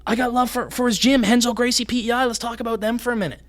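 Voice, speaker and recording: A young man from Canada, a fighter guest on a podcast, talking fast and excitedly and swearing freely. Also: very high voice. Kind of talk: casual podcast conversation.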